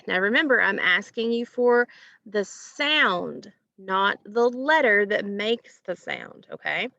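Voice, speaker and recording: A woman teacher giving a recorded phonics lesson to children, asking questions and pausing patiently for answers. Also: mid-range voice, expressive, gravelly, bright, forceful tone, no room sound, dull audio. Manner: slow, patient, asks questions and pauses for answers.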